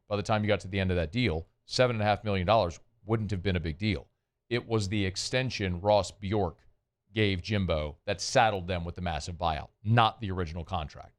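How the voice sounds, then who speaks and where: Low, smooth-voiced radio host. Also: male voice. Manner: conversational, opinionated, many fillers and restarts. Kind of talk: sports talk radio commentary.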